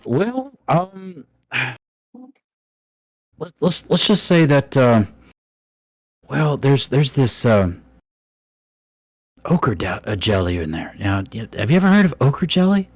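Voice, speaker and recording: A man's voice: mid-range voice, big pitch swings, slow pace, pauses often, no echo. A man voicing a nervous female dwarf commoner who stammers and hesitates in a tabletop game. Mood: nervous, stammering.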